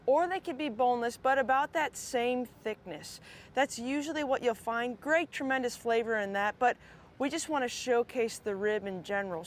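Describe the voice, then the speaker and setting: A woman explaining meat cuts as a guest expert on a cooking show, clear and friendly. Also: on the high side, slight background noise.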